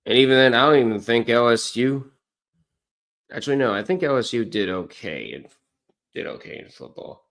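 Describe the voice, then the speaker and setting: A man's voice: medium pitch, animated, normal speed, vocal fry, fairly bright tone. Rambling, self-correcting male streamer. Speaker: streamer watching college basketball. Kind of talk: casual live-stream commentary.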